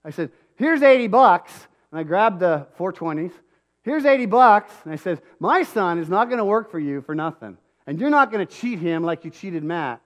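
A middle-aged man preaching a sermon, telling a personal story in a conversational way that swings from quiet asides to loud emphatic peaks. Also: a little high, animated, a little fast, few pauses. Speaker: pastor.

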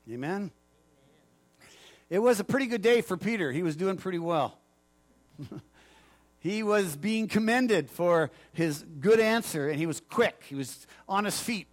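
Fairly high-voiced pastor preaching casually. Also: male voice, lively intonation, a little slow, long pauses. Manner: conversational, jokes with the congregation. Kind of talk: sermon.

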